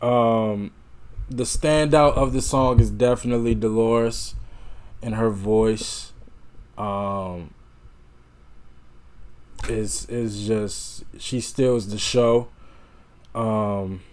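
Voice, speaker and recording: A man's voice: lowish voice, fairly even intonation, extremely slow, pauses often, darkish tone, clean tone. A man hosting a reaction video, musing aloud in a meandering, self-correcting way. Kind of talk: casual reaction commentary.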